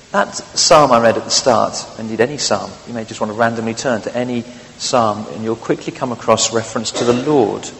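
A man's voice: mid-range voice, normal speed, vocal fry, in a large hall, rough recording. A man preaching a sermon, conversational and wry, with frequent fillers.

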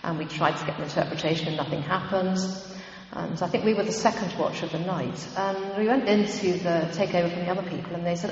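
A woman's voice: fairly low pitch, steady tone, fast, a little mellow. Woman teaching in an echoey hall. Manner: conversational, meandering, frequent ums and asides. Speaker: church prayer teacher. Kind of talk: informal church teaching talk. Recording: dull, echoey hall recording.

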